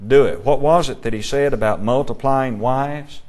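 A man's voice: medium pitch, moderate pace, a little mellow. Man teaching a Bible class. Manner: asks the class questions, reads scripture aloud.

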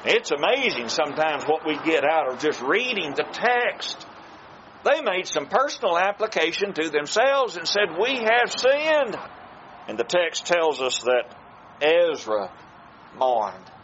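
A man preaching a sermon to his congregation, slow and emphatic, with dramatic pauses. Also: on the high side, big pitch swings, a bit bright, highs cut off, a little hiss or hum.

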